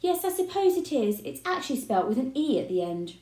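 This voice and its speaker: A fed-up young boy blurts out indignant lines, as a woman reading a storybook voices him. The voice climbs and dips a lot and sounds soft and mellow, with the echo of a roomy space around it. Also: high voice, very animated, brisk, voice pushed up. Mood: awkward. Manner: loud, indignant outbursts. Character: angry fed-up twelve-year-old boy.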